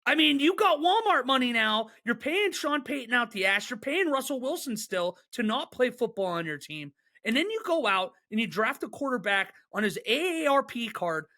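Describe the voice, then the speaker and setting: Male podcast co-host, bright and sharp-toned, excitable and quick to rant. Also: very high-pitched. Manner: excitable, joking, fast rants. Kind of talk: casual sports chat.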